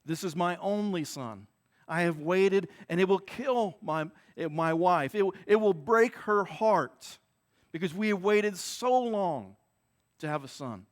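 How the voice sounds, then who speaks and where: Play an anguished old father crying out to God, as a preacher puts him on, his high voice breaking off and restarting mid-thought. The questions come halting and pleading. Keep it close to a plain speaking voice, just strained with grief. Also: expressive.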